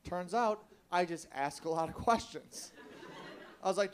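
High-voiced man doing stand-up. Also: a little slow, slight background noise. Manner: storytelling, acts out quoted voices with big loud outbursts. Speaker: stand-up comedian. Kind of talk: stand-up comedy set. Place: comedy club stage.

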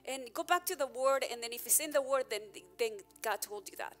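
A woman pastor preaching a candid, emphatic sermon, her loudness rising and falling as she presses her points. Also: sits high, fairly quick, hardly any pauses, faint music behind.

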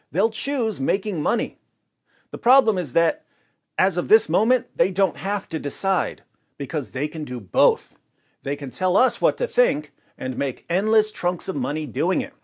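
Male host, emphatic commentary, slightly high, very animated delivery. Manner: emphatic, argumentative. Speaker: video host. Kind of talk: direct-to-camera commentary.

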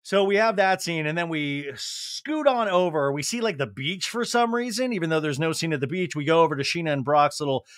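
A man's voice: fairly high pitch, animated, brisk, hardly any pauses, a bit bright, no room sound, clean studio sound. A man hosting a comedic TV recap podcast, talking in a sarcastic, riffing way. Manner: sarcastic, riffing, jumps into silly impressions. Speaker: podcast host.

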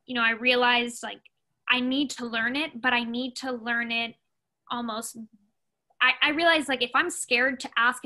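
Young woman, bright tone, slightly high voice, chatty interview guest, lots of fillers. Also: low-quality recording. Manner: chatty, many fillers like "you know" and "like". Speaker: sports agent, podcast guest. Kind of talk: casual interview talk.

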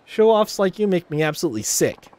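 A man's voice: high-pitched, big pitch swings, fast talker, darkish tone, voice pushed up. A man voicing a snooty, boastful young female idol rival while reading video game dialogue aloud. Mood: mocking. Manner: haughty, boastful, whiny.

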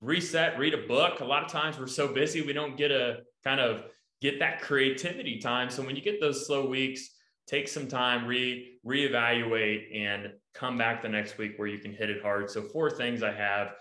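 A man co-hosting a podcast, giving animated, emphatic advice in numbered points. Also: medium pitch, normal speed. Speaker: podcast co-host. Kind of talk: casual podcast talk. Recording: echoey room.

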